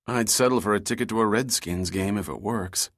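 A man's voice: lowish voice, fairly quick, a bit bright, no room sound. A man narrating an audiobook voices Bob, a male lab scientist who is dry and skeptical and urges caution. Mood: joking.

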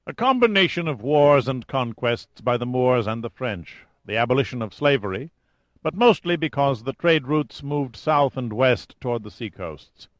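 A man's voice: medium pitch, animated, normal speed, no echo, natural voice. A man doing a clipped, rehearsed British safari leader. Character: clipped, self-assured male British safari leader, ex-marine.

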